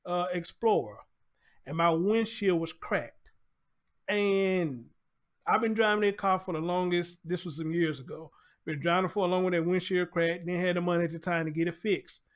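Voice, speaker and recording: A man hosting a live stream, commenting bluntly and profanely in a rambling, casual way. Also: high-pitched. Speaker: show host.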